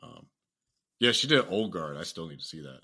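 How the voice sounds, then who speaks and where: A man from the US hosting a casual podcast chat, talking in an animated, profane way and laughing often. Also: low voice, moderate pace, slightly rough. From United States. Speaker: podcast host.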